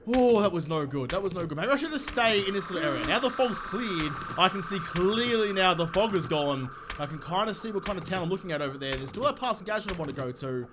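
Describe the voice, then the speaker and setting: High-voiced sweary gamer, slightly sick. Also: male voice, fast talker, hardly any pauses, background noise. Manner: excitable, sweary, talks to enemies. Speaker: gaming YouTuber. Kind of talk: let's play commentary.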